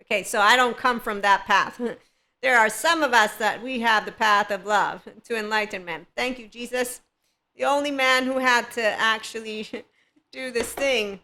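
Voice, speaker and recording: A woman's voice: on the high side, measured pace, pushed and bright. A woman hosting a spiritual self-help podcast, talking in a playful, rambling way and laughing often. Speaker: podcast host.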